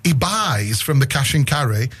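A man's voice: mid-range voice, sing-song, normal speed, fairly bright tone, breathy edge. A male radio host chatting loosely in a studio, rambling and correcting himself as he goes. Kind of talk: casual studio banter.

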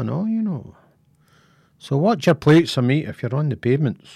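A middle-aged Scottish man hosting a radio show, chatting casually and giving jokey shout-outs sprinkled with rhyming slang. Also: on the high side, lively intonation, slow pace, long pauses. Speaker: radio presenter.

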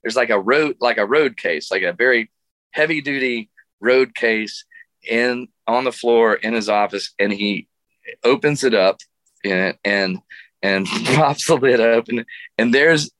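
A man's voice: mid-range voice, unhurried, fairly bright tone, dry recording. A middle-aged man, a guest musician, telling a funny story in a radio interview, laughing often and restarting his sentences.

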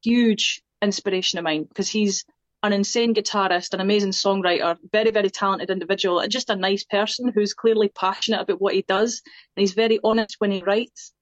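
A woman's voice: medium pitch, fairly even intonation, fairly quick, dry recording. Young Scottish woman, chatty guest, self-deprecating; slightly muffled recording. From Scotland. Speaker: singer-songwriter guest. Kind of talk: casual interview chat.

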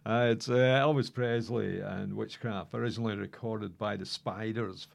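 A man's voice: lowish voice, fairly even intonation, moderate pace, vocal fry. A man hosting a radio music show, chatting casually between records with chuckles and rambling asides. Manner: chuckling, rambling, many uh fillers.

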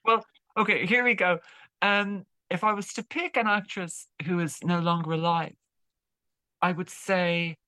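Low-voiced woman telling a story. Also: fairly even intonation, sharp tone, dry recording, poor audio. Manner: halting, repeats words while telling a story. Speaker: guest musician. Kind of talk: casual interview chat.

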